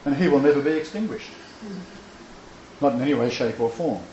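A man's voice: mid-range voice, fairly quick, mellow, echoey room, lo-fi sound, a little hiss or hum. A man teaching a Bible lecture to a small seated audience, emphatic and joking, with chuckling asides. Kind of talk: informal sermon lecture.

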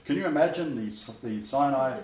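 A man's voice: medium pitch, animated, moderate pace, a little mellow. Emphatic man teaching scripture. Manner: emphatic, conversational asides. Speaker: Bible study teacher. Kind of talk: scripture reading with commentary. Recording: roomy, distant, dull sound.

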